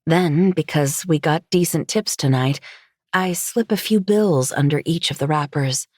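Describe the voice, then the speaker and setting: Female narrator, low voice, dry close-mic first-person audiobook read. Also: measured pace, a little mellow, no room sound.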